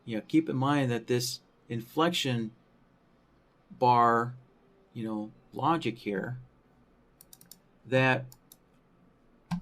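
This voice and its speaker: A man teaching trading software in a screen-recorded tutorial, thinking aloud with many fillers and a habitual "right?" after his points. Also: mid-range voice, slow, pauses often. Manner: thinking aloud, frequent tag question "right?"; many fillers like "you know" and "um".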